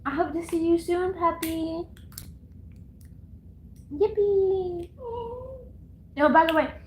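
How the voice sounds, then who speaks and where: Woman streamer, high voice, chatty and giggly, echoey room. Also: fairly bright tone, a little hiss or hum. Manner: rambling, giggly, talks to chat and herself. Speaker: livestreamer. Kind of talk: casual live-stream chatter. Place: at home, indoors.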